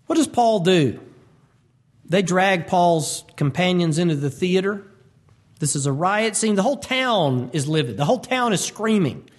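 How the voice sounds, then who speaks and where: A man preaching an expository sermon, animated and acting out quotes. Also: sits high, measured pace. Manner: animated, acts out voices and quotes.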